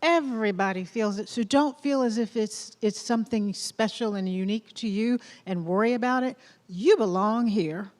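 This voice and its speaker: Standing at a lectern in a big theater, a Southern-accented woman who serves as college president delivers an unscripted welcome, her fairly high voice trailing long reverb. She moves at a normal speed with hardly any pauses, keeping it chatty and encouraging until she rises into loud, rallying questions.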